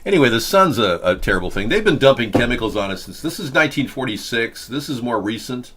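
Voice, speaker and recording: A man's voice: medium pitch, big pitch swings, fast, fairly bright tone, slight background noise. A man hosting a casual political talk show, rambling from story to story with a joking, sarcastic manner. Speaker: host.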